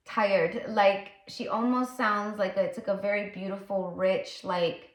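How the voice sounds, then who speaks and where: A woman's voice: medium pitch, slow pace. A woman psychic tarot reader talking casually while channeling, rambling and full of fillers. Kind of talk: casual spiritual channeling talk. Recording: roomy echo.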